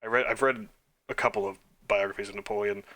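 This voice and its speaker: A man's voice: on the low side, fairly even intonation, fast talker, pushed and bright. A young man casually thinking aloud as he plays trivia quizzes, muttering answers and making self-deprecating, chatty asides. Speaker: quiz game let's player.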